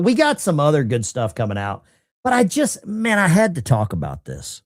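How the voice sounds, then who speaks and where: A man hosts a political commentary stream, talking to his viewers as if they were in the room. His delivery is slow and drawn out. His pitch leaps and drops as he reacts with disbelief. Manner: animated, incredulous, talks to the chat.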